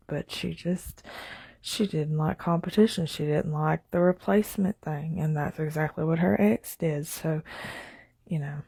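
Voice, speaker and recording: A woman's voice: deep voice, measured pace, creaky, mellow, husky, no room sound. A woman telling a story in a loose, rambling way, full of "like" and "you know" and laughing as she goes. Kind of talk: casual spoken storytelling.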